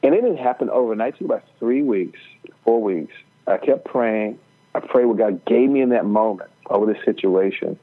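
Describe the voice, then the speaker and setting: A middle-aged man telling a personal faith story as a podcast guest, earnest and halting, with many fillers and restarts. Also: fairly low pitch, lively intonation. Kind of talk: storytelling testimony. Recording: tinny phone-like line.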